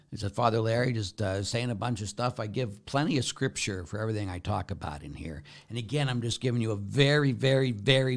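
Lively priest preaching. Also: male voice, fairly low pitch. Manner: animated, acts out dialogue in voices. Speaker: Catholic priest. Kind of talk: sermon.

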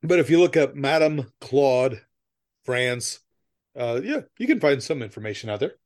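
A male podcast co-host talking in relaxed, casual chat. He tells long, rambling stories, laughs often and swears freely. His voice sits at a middle pitch. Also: moderate pace.

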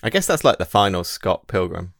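A man with a low, gravelly voice co-hosting a casual chat. He drops dry jokes. The recording sounds dry and close. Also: big pitch swings, brisk, fairly bright tone, no room sound.

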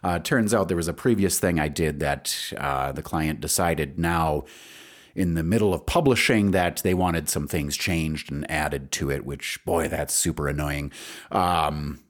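A man's voice: very deep voice, unhurried. A man hosting a solo podcast, talking casually in a rambling, self-deprecating way with many fillers, feeling stressed and anxious. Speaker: podcast host.

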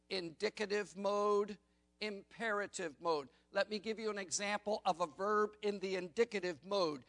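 A man's voice: high-pitched, a bit bright. A male pastor preaching a morning sermon in church, pressing his points with emphatic rhetorical questions to the congregation. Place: church sanctuary during a morning service.

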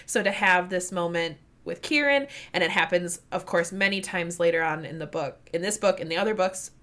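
A woman with a Midwestern accent, chatting casually as a co-host of a book discussion, rambling and animated, swearing and laughing often. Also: on the low side, a little fast. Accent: Midwestern American.

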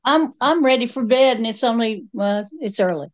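A woman chatting casually as a podcast co-host, relaxed and folksy, laughing easily. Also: fairly high pitch, normal speed. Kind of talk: casual chat. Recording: dull lo-fi sound.

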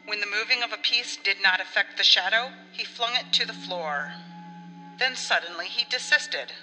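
A woman narrating an audiobook story in an expressive way, acting out the dialogue. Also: medium pitch, normal speed. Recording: long reverb with faint music.

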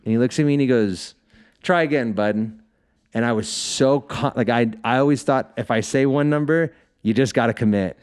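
A man's voice: medium pitch, brisk, darkish tone, clear, resonant tone. A man guesting on a podcast, telling loose, profane stories in casual chat with lots of "like" fillers. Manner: loose storytelling, swears freely; frequent "like" fillers.

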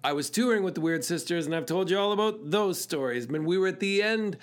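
A man's voice: high voice, expressive, a little fast. A man hosting his own show, telling a personal story in an earnest, thoughtful way and laughing at himself now and then. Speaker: podcast host and musician. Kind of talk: reflective storytelling monologue.

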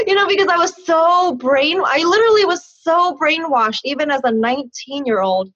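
A woman's voice: very high voice, expressive, normal speed, a bit bright, dry recording. A woman in her thirties, a guest, telling her own story candidly and animatedly, often laughing and acting out conversations. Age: 30s. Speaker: interview guest. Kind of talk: personal storytelling in an interview. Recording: dull dry lo-fi sound.

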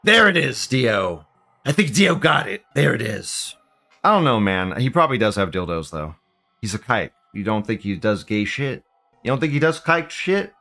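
A man's voice: medium pitch, sing-song, moderate pace, gravelly, bright, forceful tone, faint music behind. A man hosting a casual livestream, reading out viewer comments and rambling off the cuff with frequent bursts of laughter.

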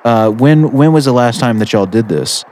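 A man's voice: medium pitch, expressive, normal speed, a little mellow. A man hosting a call-in radio show, easygoing and moving the calls along.

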